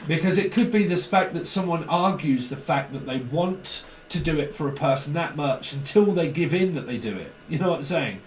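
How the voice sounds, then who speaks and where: Brief: lively high-voiced man, tarot reader, acts out quarrels, roomy distant sound. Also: normal speed, hardly any pauses. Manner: animated, acts out both sides of arguments, swears casually. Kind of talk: casual tarot reading monologue. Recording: echoey room, voice off-mic.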